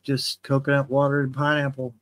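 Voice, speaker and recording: A man's voice: medium pitch, monotone, fairly quick, fairly bright tone, no room sound. A man co-hosting a casual livestream, talking in a plain, emphatic way. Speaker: livestream co-host. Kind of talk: casual live-stream chat.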